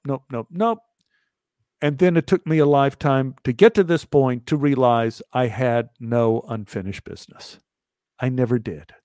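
A man's voice: mid-range voice, darkish tone, dry recording, studio quality. A middle-aged man telling a personal story, wry and self-mocking, acting out other people's lines with big jumps in his voice.

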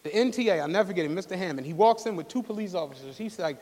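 A man co-hosting a live podcast, telling a profane, animated story and acting out the quotes. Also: sits high, rapid-fire, few pauses. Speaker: podcast co-host. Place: live stage show in a studio venue. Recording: long hall reverb from a live venue.

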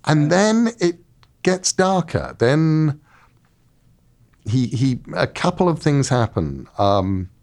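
Animated storytelling middle-aged man. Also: a little high, slow pace, gravelly. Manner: lively storyteller, acts out quotes. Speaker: author guest. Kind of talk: casual interview talk.

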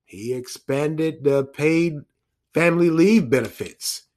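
A man's voice: fairly high pitch, takes it slowly, a little mellow. A man talks through the news in a loose, off-the-cuff way. He restarts his sentences, drifts into asides and chuckles at his own remarks. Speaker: commentator. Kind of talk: casual news commentary monologue.

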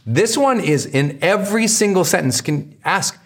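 Energetic man teaching with emphatic repetition. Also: sits high, moderate pace, husky. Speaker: podcast host teaching marketing. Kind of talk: motivational teaching talk.

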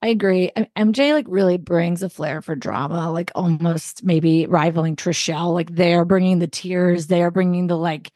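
Low-voiced woman musing on a show. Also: steady tone, moderate pace, few pauses, warm tone, dry recording, clean studio sound. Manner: reflective, chatty, trailing fillers. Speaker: podcast co-host. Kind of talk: casual chat.

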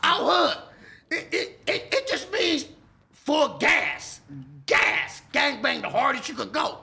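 Gravelly, animated man with a bright edge. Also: very high voice, slow. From Texas. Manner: loud, animated street talk with frequent profanity. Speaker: interview guest. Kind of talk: casual interview chat.

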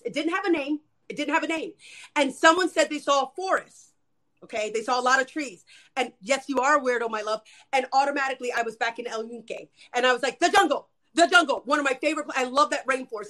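High-pitched woman rattling off spiritual tips super fast to her viewers, live chat. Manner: rapid, animated, addresses viewers as "you guys". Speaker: guest, spiritual energy worker. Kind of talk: casual live-stream chat.

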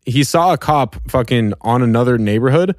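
A man's voice: medium pitch, lively intonation, normal speed, no room sound, studio quality. A young man in casual podcast chat, laid-back and profane, drawing out his reactions.

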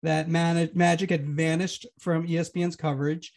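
A man co-hosting a sports media podcast, his fairly high voice carrying a gravelly fry. He talks fast and argues in a teasing way. He sounds casual and chatty throughout. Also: level tone, darkish tone. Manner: quick, teasing, argumentative.

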